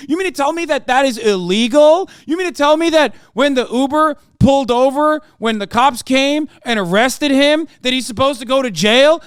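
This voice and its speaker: A man's voice: very high voice, moderate pace, hardly any pauses, dry recording, studio quality. A man reacting to the news on a live stream, with sarcastic, rambling, mocking commentary.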